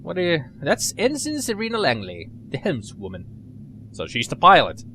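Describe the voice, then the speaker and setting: A man's voice: fairly high pitch, huge pitch swings, moderate pace, sharp tone, slight background noise. A man giving chatty, joking let's play commentary as he plays a game. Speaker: gamer commentator.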